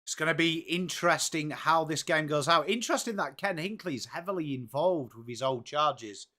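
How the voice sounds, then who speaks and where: A man's voice: on the high side, animated, moderate pace, sharp tone. An English man hosting a live football watchalong stream, chatting casually and greeting viewers by name in an upbeat way. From England. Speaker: livestream host of a football watchalong.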